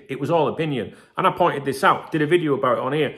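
Casting note: male football host, chatty and emphatic, mid-pitched. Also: very fast, hardly any pauses, fairly bright tone. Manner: chatty, emphatic, keeps asking "right?", swears. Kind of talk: casual commentary to camera.

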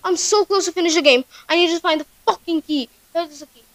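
A woman's voice: extremely high pitch, steady tone, fast talker, a bit bright, no echo. A woman narrating her own horror game playthrough, panicky and swearing, talking straight to her viewers. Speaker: gaming channel host.

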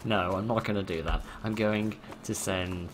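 A man's voice: deep voice, steady tone, normal speed, background noise. A man hosting a let's play, reading out game text and making wry, muttered jokes.

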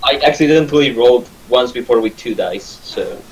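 A man's voice: mid-range voice, moderate pace, rough recording. A man playing in a tabletop game, hesitant and often stammering. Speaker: player.

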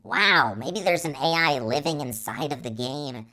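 A woman's voice: low-pitched, lively intonation, sharp tone, poor audio. Frantic woman narrating gameplay. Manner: frantic, repeats words rapidly when panicking; playful robot persona, calls herself an artificial intelligence. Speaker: gaming video host. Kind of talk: live gameplay commentary.

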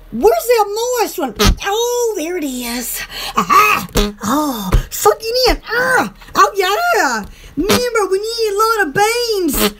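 Woman hosting a live sales stream; high, lively, singsong voice with slow, giggly, excitable chatter. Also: background noise. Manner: excitable and giggly, lots of exclamations. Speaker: host of a live shopping stream. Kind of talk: casual live stream chat.

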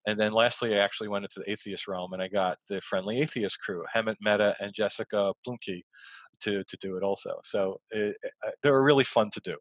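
A man, a guest, telling stories in a rambling, quick conversational way over a video call. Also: lowish voice, no room sound, rough recording. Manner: rambling, quick storytelling with restarts. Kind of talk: casual conversation.

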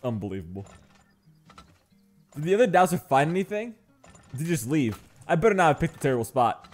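A man's voice: on the high side, very animated, a little fast, a little mellow, faint music behind. A man giving casual let's-play commentary on a game, joking and playfully mock-angry as he bosses his in-game workers around. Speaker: gaming channel host.

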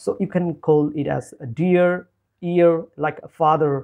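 A man teaching phonetics in a recorded lesson, slowly repeating each example word and correcting himself as he goes. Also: a little high, flat delivery, muffled recording.

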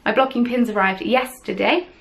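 A woman's voice: on the high side, normal speed, vocal fry, rough recording. A woman hosting a podcast, chatting casually and rambling with self-deprecating asides, recorded at home on camera. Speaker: podcast host. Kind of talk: casual chat.

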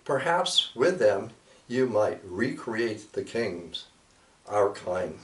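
A man voicing a chorus of gentle, welcoming songbirds in a raised, lilting voice. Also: fairly low pitch, sing-song, slow, roomy sound, recorded from a distance, full character voice.

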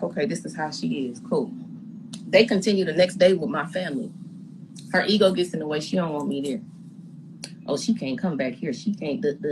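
A woman retelling a story in a casual live-stream chat, animated and indignant, often stammering and repeating words as she builds her point. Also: on the low side, slight background noise, rough recording. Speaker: reality TV guest recounting her experience.

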